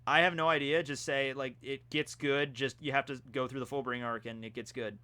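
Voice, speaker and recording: Young adult male streamer, bright and forceful tone, loose chatty reading of viewer questions. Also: medium pitch, fairly even intonation, fairly quick. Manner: rambling, laid-back, answers questions read from chat. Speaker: streamer answering chat questions. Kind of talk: casual live-stream chat.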